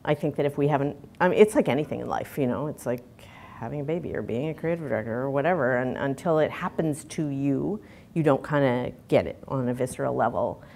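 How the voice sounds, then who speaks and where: A woman's voice: very deep voice, fast talker, gravelly, darkish tone, slight background noise. A middle-aged woman, giving a candid conference talk full of fillers and restarts. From Canada. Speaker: conference speaker.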